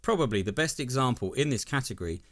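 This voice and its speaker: A man's voice: medium pitch, animated, fast talker, a bit bright. A man giving scripted narration as a video essay host, with enthusiastic, wry commentary.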